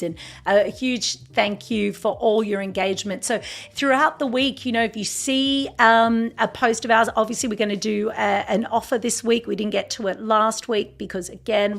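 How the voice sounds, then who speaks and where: A woman's voice: medium pitch, creaky. A woman hosting a livestream in casual, rambling chat, full of fillers and restarts. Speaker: livestream host.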